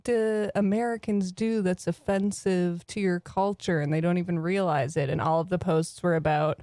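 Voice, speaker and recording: A woman chatting casually on a podcast in a calm, matter-of-fact way. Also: fairly low pitch, moderate pace, no room sound, clean studio sound. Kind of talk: casual chat.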